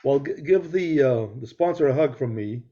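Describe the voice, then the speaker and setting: Middle-aged co-host, very dark husky voice, rambling joker, dull lo-fi call audio. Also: male voice, mid-range voice, lively intonation, normal speed. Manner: joking, rambling storyteller. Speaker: podcast co-host. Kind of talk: casual chat over a video call.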